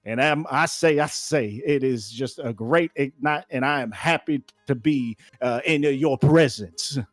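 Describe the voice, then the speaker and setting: A game master voicing a jovial Southern gentleman with a folksy American Southern drawl, chuckling and repeating "I say". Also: medium pitch, measured pace, no echo, faint music behind, lightly acted.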